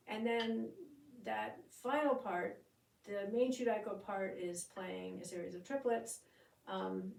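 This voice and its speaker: Gravelly woman counting out drum beats. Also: mid-range voice, mellow, far from the mic. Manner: counts beats and chants drum syllables aloud. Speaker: drumming instructor. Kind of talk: step-by-step music lesson. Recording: echoey room, voice off-mic.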